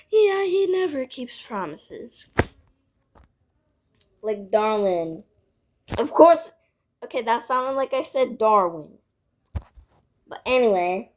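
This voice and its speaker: A woman's voice: a little high, very animated, slow pace, pauses often, a little mellow, a little hiss or hum. A female voice telling a casual storytime vlog, rambling with lots of "like" and side remarks. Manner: rambling, filled with "like", frequent asides.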